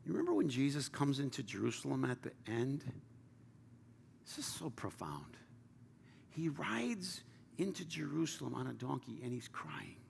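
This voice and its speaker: A man preaching a sermon as pastor, passionate, swinging from loud urging to hushed near-whispers. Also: mid-range voice, creaky, a little hiss or hum. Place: large church hall. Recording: reverberant church hall with faint ambience.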